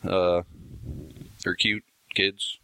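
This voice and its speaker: Deep voiced guy on a podcast, swears a lot, bright edge. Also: little pitch movement, drawn-out words, poor audio. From Ohio. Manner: blunt, swears freely. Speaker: podcast co-host. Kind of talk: casual chat.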